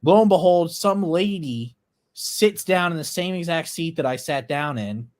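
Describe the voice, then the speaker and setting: A man's voice: fairly high pitch, lively intonation, a little slow, darkish tone. A young man co-hosting a casual podcast, telling a story in an easygoing, rambling way. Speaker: co-host.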